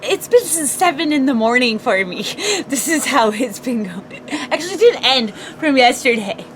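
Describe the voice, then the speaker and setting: A woman's voice: high-pitched, expressive, moderate pace, fairly bright tone, a little hiss or hum. A woman co-hosting a casual morning podcast, chatty, laughing often and asking rhetorical questions. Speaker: podcast co-host.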